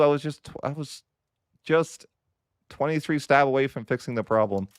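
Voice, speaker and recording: A man's voice: medium pitch, moderate pace, clear, resonant tone, no echo, studio quality. A man giving casual commentary over a strategy game, wry and mock-dramatic as he grumbles about his bad luck. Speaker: gaming YouTuber.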